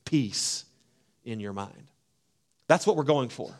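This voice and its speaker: A man preaching a sermon, swinging from hushed, low phrases to loud, emphatic ones. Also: lively intonation, slow pace. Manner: preaching with wide swings between hushed and loud, acting out voices. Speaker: pastor.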